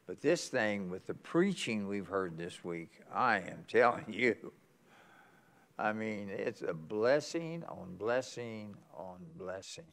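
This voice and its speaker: A man's voice: on the low side, animated, takes it slowly, vocal fry, fairly bright tone. A man in his eighties from West Virginia, a pastor with a West Virginian accent, telling folksy stories at a conference sermon and chuckling often. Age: 80s. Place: church conference hall.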